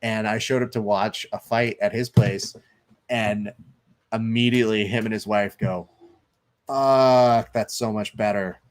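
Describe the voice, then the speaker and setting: A man's voice: on the low side, little pitch movement, normal speed. A man hosting a live stream, chatting loosely, reading viewer comments aloud and commenting on fights. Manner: loose, chatty, swearing, reads chat aloud.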